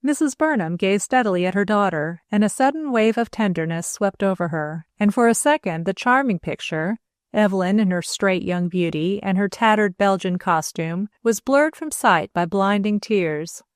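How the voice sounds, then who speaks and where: A woman narrating an audiobook in a steady, measured reading. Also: mid-range voice, clear, resonant tone, no room sound, studio quality. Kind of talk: scripted narration.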